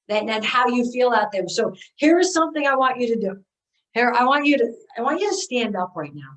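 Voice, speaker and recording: A woman golf mental game coach giving an energetic motivational seminar talk, leading her audience through exercises. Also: high voice. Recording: echoey room, voice from far off.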